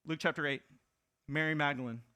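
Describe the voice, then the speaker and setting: Bright-voiced male pastor preaching conversationally. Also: fairly high pitch, steady tone, a little fast, clear, resonant tone. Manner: conversational preaching with fillers and asides; acts out quoted lines in a raised voice. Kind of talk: sermon.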